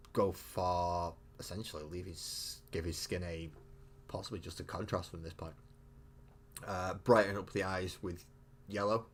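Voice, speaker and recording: A man chatting casually and rambling with mild swearing as he live-streams painting miniatures. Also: deep voice.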